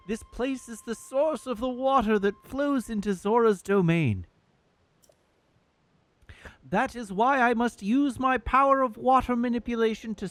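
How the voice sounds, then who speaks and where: A man reading game dialogue aloud in his own voice as an earnest, formal fish-prince who speaks with courtly politeness. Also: extremely high pitch.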